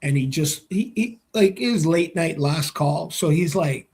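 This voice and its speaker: A man with a slightly higher-than-usual voice spins a rowdy story in an interview. He acts out every line of dialogue and swears freely as he goes. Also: lively intonation, a little slow. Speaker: former hockey player, guest.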